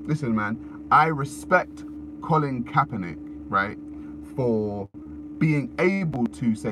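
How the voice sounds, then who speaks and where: A man talks into his phone on a live stream, his pitch swinging up and down as he gets worked up. He swears freely and circles back over the same words. Road noise and passing vehicles sit clearly behind him. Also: moderate pace. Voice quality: animated, profane, repetitive. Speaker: livestreamer. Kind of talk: casual live-stream rant.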